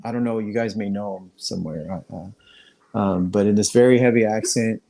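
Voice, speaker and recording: A man's voice: on the low side, normal speed, creaky, warm tone. A man co-hosting a casual livestream over a video call, telling a story with lots of restarts. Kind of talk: casual chat.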